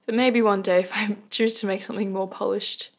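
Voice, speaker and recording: Rambling young woman with a gravelly edge. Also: medium pitch, fairly even intonation, fairly quick. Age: young adult. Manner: rambling, self-deprecating, many fillers. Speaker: podcast host. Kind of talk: casual rant podcast. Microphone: close podcast mic.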